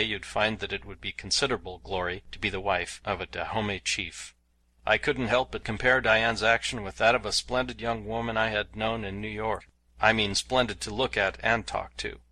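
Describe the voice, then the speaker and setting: A man narrating a novel as an audiobook in a steady, measured storytelling manner. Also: fairly low pitch, poor audio.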